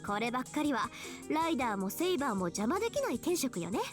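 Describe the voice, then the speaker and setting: Teenage girl, visual novel, bossy, teasing, high-pitched, fast, very lively. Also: over music.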